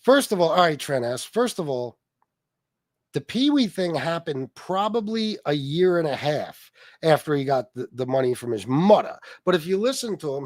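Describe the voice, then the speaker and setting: A man hosts a casual livestream, reading chat messages aloud and riffing on them with profane, mocking commentary. His fairly high voice swings widely in pitch, and the sound is dry and close. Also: a little mellow, dry recording. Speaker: livestream host.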